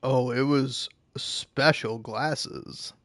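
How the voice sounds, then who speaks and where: A man's voice: mid-range voice, fairly even intonation, drawn-out words, a bit bright, no room sound. Profane ranting man, game commentary. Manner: ranting, profane, laughing at himself. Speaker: gameplay streamer.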